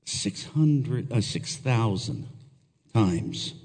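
A man's voice: fairly low pitch, expressive, very slow, a little mellow, breathy edge, in a large hall. A man preaching a sermon as a pastor, earnest and emphatic, asking the congregation rhetorical questions.

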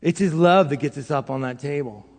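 A middle-aged male pastor giving a sermon in a casual, self-deprecating way, swinging between loud and hushed. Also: fairly high pitch, a little fast. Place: church hall. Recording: long hall reverb.

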